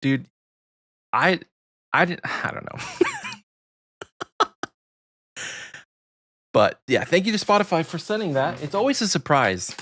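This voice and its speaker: A man's voice: fairly high pitch, big pitch swings, slow pace, pauses often, fairly bright tone. An American man co-hosting a podcast, chatting casually and rambling with frequent ums. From United States. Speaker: podcast co-host.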